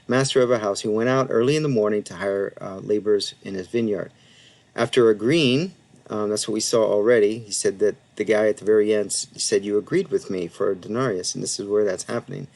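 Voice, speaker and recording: A man giving a casual Bible lesson, talking through a passage with frequent fillers and asides and sounding out Greek words slowly. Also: fairly low pitch, steady tone, gravelly, a little mellow. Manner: conversational, many fillers and asides, reads Greek haltingly. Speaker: Bible teacher. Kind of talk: casual teaching presentation.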